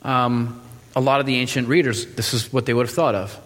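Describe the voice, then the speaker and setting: A man's voice: medium pitch, fairly even intonation, a little fast, fairly bright tone. Man preaching in a reverberant hall. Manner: casual, joking, many fillers and restarts. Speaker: pastor. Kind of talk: sermon.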